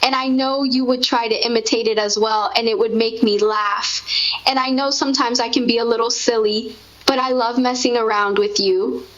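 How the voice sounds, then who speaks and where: Woman co-host, sentimental and gushing, casual reminiscing, a bit high, dull lo-fi audio. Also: steady tone, moderate pace. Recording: dull lo-fi sound.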